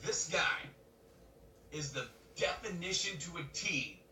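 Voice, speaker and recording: A man co-hosting a podcast, telling a story in casual chat, animated and laughing as he acts out other people's lines. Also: a little high, takes it slowly. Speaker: podcast co-host. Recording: roomy webcam mic from a distance, faint noise.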